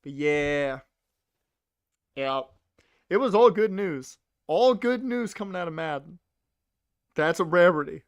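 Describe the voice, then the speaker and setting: A man's voice: on the high side, expressive, slow, pauses often, clean tone, dry recording. A young man rambling casually to his chat while streaming a game. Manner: rambling, chatty, talks to chat.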